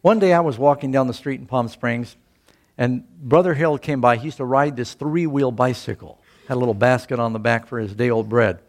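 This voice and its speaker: A man's voice: mid-range voice, brisk. An older man preaching a sermon, telling a personal story in a conversational way and raising his voice to quote scripture and other people. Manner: conversational, rising loudly for quoted scripture and speech. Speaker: pastor.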